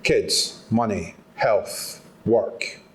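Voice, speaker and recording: A Scottish man gives an engaging live talk in a conference hall, drawing the audience into participation. His voice is fairly low, and he speaks very slowly over slight background noise.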